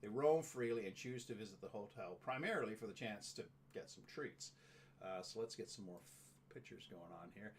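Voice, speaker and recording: A man's voice: fairly low pitch, normal speed, slight background noise. A man hosting a casual talk show, reading facts aloud with stumbles and joking asides. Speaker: show host. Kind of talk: casual chat.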